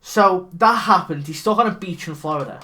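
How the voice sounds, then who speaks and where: A man with a slightly raised voice tells a movie plot to a friend with loose, excitable energy. He swears freely and keeps breaking into little character impressions. The delivery is comic and unscripted. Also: sits high, a little fast. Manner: animated, swearing, mimics characters mid-story. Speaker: podcast co-host. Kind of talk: casual comedic recap.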